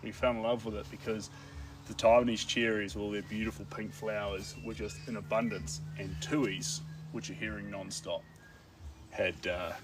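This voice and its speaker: A man's voice: on the low side, steady tone, moderate pace, noisy background. Man, New Zealand accent, casual live-stream chat, somewhat distant mic, faint outdoor ambience. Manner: chatty, talking to viewers. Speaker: art streamer. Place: outdoors in a gorge with birds.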